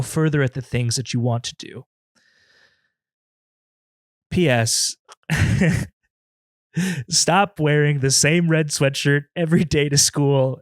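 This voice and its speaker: A man's voice: on the high side, takes it slowly, long pauses, no room sound. Guy rambling thru a solo comedy podcast at home, self-deprecating, kinda emotional, dead dry sound. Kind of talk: improvised comedy podcast monologue. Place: alone in his apartment.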